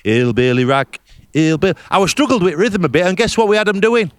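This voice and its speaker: A man's voice: sits high, quick pace, no echo. Blunt, boastful man. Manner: broad, blunt, boastful storytelling with swearing. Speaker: podcast host reporting from abroad. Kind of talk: comic character monologue. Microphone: remote call.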